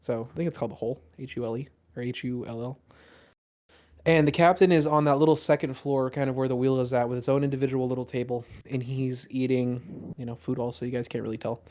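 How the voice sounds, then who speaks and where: A man's voice: medium pitch, fairly even intonation, fast, darkish tone. A man narrating a tabletop game as dungeon master, rambling with many fillers.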